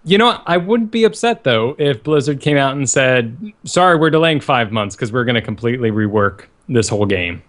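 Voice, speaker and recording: A man's voice: mid-range voice, animated, brisk, few pauses. A man co-hosting a casual live podcast, talking with jokey enthusiasm. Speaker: podcast co-host.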